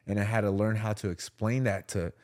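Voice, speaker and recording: A male fitness trainer joins a podcast as a guest. He speaks in a lowish voice and explains his work in a relaxed, plain way during easy conversation. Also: a little fast. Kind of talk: casual podcast chat.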